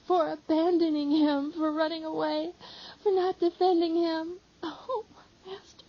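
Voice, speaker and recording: A woman's voice: steady tone, measured pace, husky, exaggerated voice. A woman voicing a weeping, remorseful young male disciple, pleading through sobs. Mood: sobbing. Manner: sobbing, pleading, high strained cries. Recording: slightly dull lo-fi audio.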